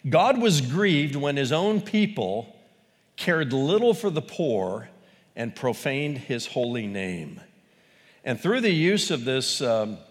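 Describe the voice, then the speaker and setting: A man preaching a sermon, animated, rising to loud peaks and dropping to quiet asides. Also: medium pitch, long reverb tail. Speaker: pastor.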